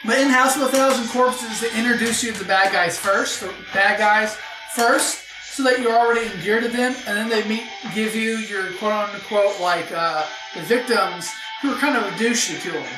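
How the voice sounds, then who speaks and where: A woman hosting a casual movie riff track, animated and prone to loud outbursts while she reads the credits aloud. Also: on the high side, moderate pace. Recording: echoey room with faint music.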